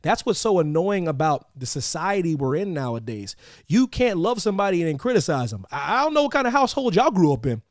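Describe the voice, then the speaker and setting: A man co-hosting a casual wrestling podcast, loud and animated, swearing and laughing often. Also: high-pitched, fast, no room sound, clean studio sound. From Georgia, US. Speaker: podcast co-host.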